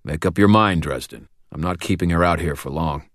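Man reading a low dry bodyguard guy, short curt lines, no fuss. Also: a little fast, dry recording, lightly acted. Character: laconic hired bodyguard man, wary and dry.

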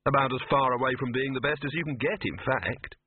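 A man's voice: mid-range voice, a little fast, slightly rough, no room sound, lightly acted. A man voicing a plain, earnest young man with a dry way of talking. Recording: tinny phone-like dry recording.

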